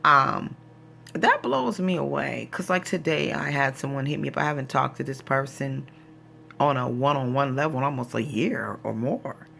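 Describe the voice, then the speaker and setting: A woman's voice: a bass voice, moderate pace, creaky, fairly bright tone, a little hiss or hum. A woman vlogger telling a story in a casual, exasperated rant, acting out what people said to her. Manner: exasperated, retells conversations in quoted voices.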